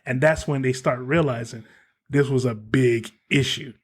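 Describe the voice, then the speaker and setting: A man's voice: mid-range voice, fairly even intonation, moderate pace, slightly rough. A man hosting a casual podcast, telling a story in a heated way and swearing freely. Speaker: podcast host.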